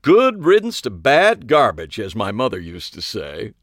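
A man's voice: fairly low pitch, huge pitch swings, measured pace, no echo, clean studio sound. A man voicing a girlish, sly woman harpist who gushes and drawls her words. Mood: gushing.

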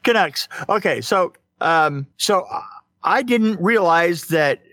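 High-voiced man telling stories, dry sound. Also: animated, sharp tone, dry recording. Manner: laughs easily, halting with "um" and repeats. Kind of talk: casual chat.

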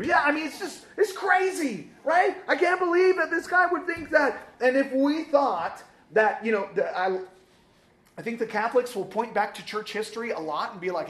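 High-voiced man teaching in a church. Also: moderate pace, echoey room. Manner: lively, joking, with many fillers. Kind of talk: casual teaching sermon with audience questions.

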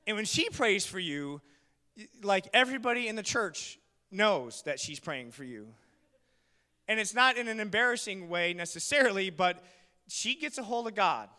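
A male pastor preaching a sermon in a church, telling stories with jokes and building to loud, shouted preaching. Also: high voice, expressive, moderate pace, big-room sound. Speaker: guest pastor.

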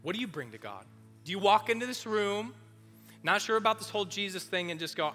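A youth pastor preaching a sermon in a casual, animated way, talking straight to the room. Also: male voice, high-pitched, brisk. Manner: animated, casual, direct address. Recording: long hall reverb, faint music.

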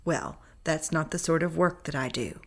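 A woman's voice: low voice, normal speed. A woman voicing a dismissive male hospital doctor who speaks in a clipped, matter-of-fact way. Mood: brisk.

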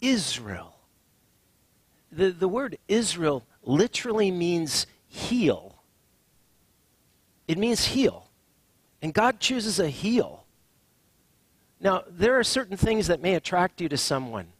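A man preaching a sermon as a pastor, swinging from hushed, drawn-out phrases to emphatic lines. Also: high voice, big pitch swings, husky, dry recording.

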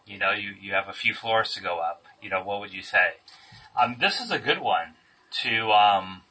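A man's voice: fairly low pitch, lively intonation, normal speed, sharp tone. A man leading a casual group Bible study, thinking aloud and stressing key words. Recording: distant mic with faint room noise.

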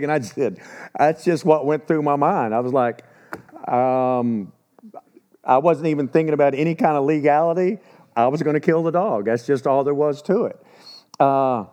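A man's voice: fairly high pitch, animated, moderate pace, darkish tone. Folksy storytelling preacher man. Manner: folksy storytelling with rhetorical questions. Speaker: pastor. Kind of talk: sermon.

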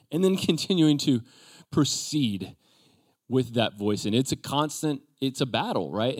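A male pastor preaching a sermon, acting out quoted voices and dropping to a soft, quiet tone at times. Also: medium pitch. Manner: drops to a soft, quiet voice for reassurance.

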